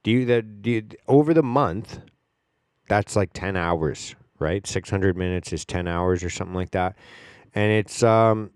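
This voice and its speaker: A man's voice: on the low side, a little slow, clear, resonant tone, dry recording, clean studio sound. A man hosting a podcast, talking in a rambling casual monologue with lots of fillers and the odd swear word. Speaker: podcast host.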